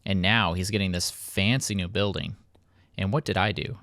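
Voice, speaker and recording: A man's voice: deep voice, fairly even intonation, moderate pace, fairly bright tone, no echo, studio quality. A man hosting a casual gameplay commentary, rambling and poking fun at himself. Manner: rambling, self-mocking, playful. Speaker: let's play host.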